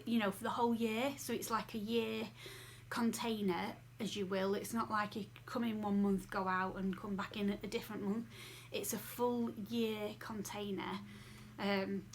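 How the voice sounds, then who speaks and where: A woman's voice: mid-range voice, little pitch movement, normal speed, slight background noise. A woman talking casually to camera as a vlogger at home, chatty and rambling with many fillers. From England.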